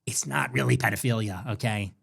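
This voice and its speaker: His medium-pitched voice is brisk, with noticeable vocal fry. Feverish and sick, he hosts his own livestream, ranting with animated emphasis and plenty of swearing.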